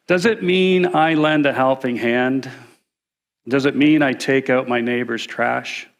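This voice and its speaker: A man's voice: mid-range voice, slow, pauses often, reverberant. A man giving a sermon in a church, breaking it up with joking, self-deprecating asides. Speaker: guest preacher. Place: church sanctuary.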